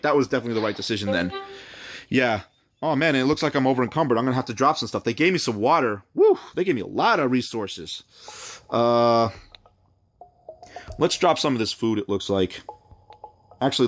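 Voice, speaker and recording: A man doing let's play commentary, thinking out loud and reading the game's text aloud in a chatty way. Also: mid-range voice. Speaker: game streamer.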